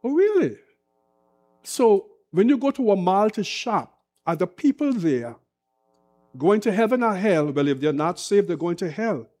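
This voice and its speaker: A man's voice: high-pitched, big pitch swings, normal speed, darkish tone, faint music behind. A man preaching an impassioned sermon, full of rhetorical questions and repetition. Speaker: pastor.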